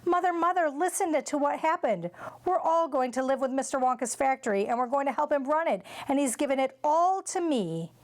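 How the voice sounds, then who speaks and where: An earnest, excitable young boy from a storybook, read aloud by a woman. His voice sits higher than the reader's own and carries a breathless eagerness. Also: moderate pace. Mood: excited.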